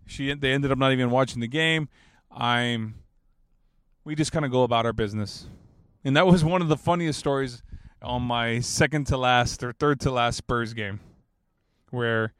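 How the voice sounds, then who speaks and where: Animated man in his thirties, rambling. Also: medium pitch, clear, resonant tone, no echo, clean studio sound. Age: 30s. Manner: animated, rambling, swears freely, laughs at own jokes. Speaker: basketball fan telling a story. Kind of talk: casual storytelling.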